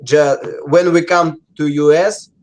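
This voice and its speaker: A man with a Russian accent, a native Russian speaker, answering interview questions in English with many pauses and fillers. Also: a little high, fairly even intonation, darkish tone. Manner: halting, many fillers and restarts. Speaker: interview guest. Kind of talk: casual interview.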